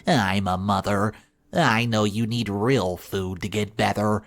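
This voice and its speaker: A man's voice: on the low side, unhurried. A man voicing a resentful, meddling middle-aged mother-in-law who talks in a whiny, indignant way.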